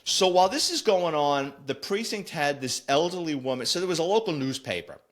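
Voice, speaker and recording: Blunt New ex-cop telling stories. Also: male voice, fairly high pitch, fairly quick. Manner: animated, blunt, acts out quoted voices. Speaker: former police officer, podcast host. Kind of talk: casual anecdote storytelling.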